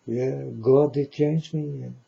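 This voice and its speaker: A man's voice: mid-range voice, fairly even intonation, takes it slowly, vocal fry, warm tone, highs cut off. A man giving a preachy monologue in broken, non-native English, emphatic and repetitive, often asking if the listener understands. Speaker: speaker addressing viewers.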